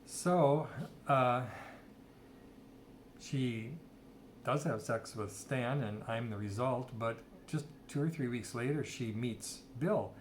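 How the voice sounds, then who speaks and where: A man's voice: medium pitch, takes it slowly, a little hiss or hum. A middle-aged man casually telling a rambling personal story and quoting people's dialogue. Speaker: storyteller sharing personal history.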